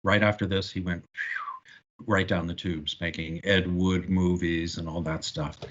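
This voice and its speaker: A man's voice: low-pitched, a little slow, highs cut off. A man as a guest film historian in a casual podcast discussion, telling stories with knowledgeable enthusiasm. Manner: animated, knowledgeable storyteller.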